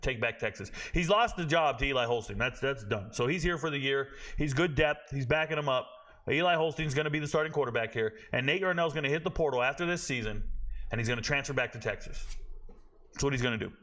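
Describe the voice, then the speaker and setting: A man hosting a college football show, giving blunt, profane, animated opinions and muttering to himself as he checks stats. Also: medium pitch, quick pace. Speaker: college football podcast host. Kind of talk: casual opinionated commentary.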